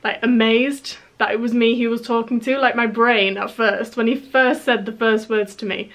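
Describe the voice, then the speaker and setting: A young woman from England chatting excitedly in a storytime vlog, full of fillers and restarts. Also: fairly high pitch, normal speed, low-quality recording. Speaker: YouTuber.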